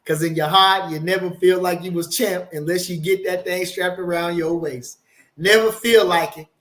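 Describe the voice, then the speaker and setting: This older boxing channel host has a high, slightly bright voice with fairly even intonation and a moderate pace. Running a laid-back live stream, he curses often, goes off on emphatic tangents, and reads the chat aloud.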